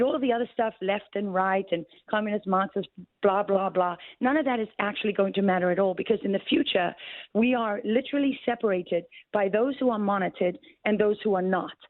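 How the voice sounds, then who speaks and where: A woman's voice: medium pitch, no echo. Urgent woman guest on a tinny line. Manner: urgent, emphatic explaining. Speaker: guest journalist. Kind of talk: talk radio interview.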